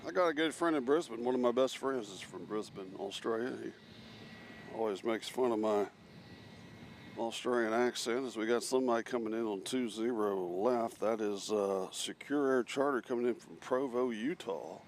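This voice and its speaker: A man's voice: lowish voice, normal speed. Guy doing live plane commentary outside, chatty, a bit of outdoor hiss behind. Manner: chatty, reads out chat messages. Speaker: live stream host. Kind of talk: casual commentary while planespotting. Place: outdoors near an airport.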